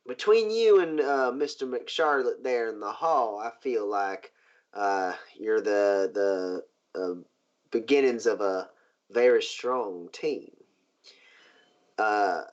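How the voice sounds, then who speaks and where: A man voicing a suave, scheming male riverboat owner in a tabletop game, measured and drawn out. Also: medium pitch. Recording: dull lo-fi sound.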